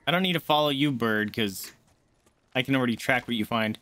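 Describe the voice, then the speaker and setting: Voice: medium pitch, fairly quick, fairly bright tone. A game streamer chatting casually on a live stream, often cooing baby talk at a pet dog between gameplay remarks.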